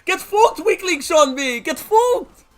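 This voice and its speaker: A man putting on the voice of a rival player who shouts taunts at him, mocking and gleeful. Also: very high-pitched, lively intonation, slow, pitched above the performer's own voice, heavily acted. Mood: gloating. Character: gloating male rival player, taunting and jeering.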